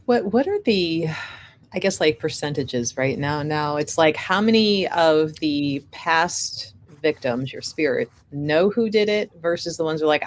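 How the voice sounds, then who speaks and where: Very low-voiced casual woman co-host. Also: animated, unhurried, slight background noise. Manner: casual, loose and conversational. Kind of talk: casual interview talk.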